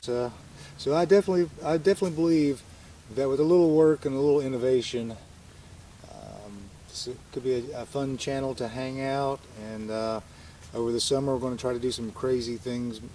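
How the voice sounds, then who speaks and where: At an outdoor campsite, a middle-aged man records a casual solo vlog, rambling with plenty of fillers and restarts. His medium-pitched voice is brisk and mellow, picked up from a distance by the camera mic, with noisy audio and autofocus clicks.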